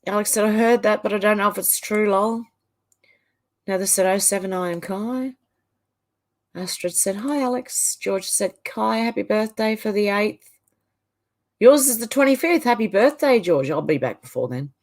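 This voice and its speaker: With a medium-pitched, slightly mellow voice, this middle-aged Australian woman talks at a moderate pace and with lively intonation. As a livestream host, she chats casually through the live comments, often trailing off partway through a sentence.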